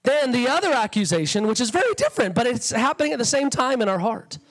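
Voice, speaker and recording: A male guest preacher with a strikingly high voice delivers a fervent, conversational sermon. His pitch swings widely as he acts out quoted thoughts. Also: sing-song, fast, a bit bright, rough recording. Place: church sanctuary.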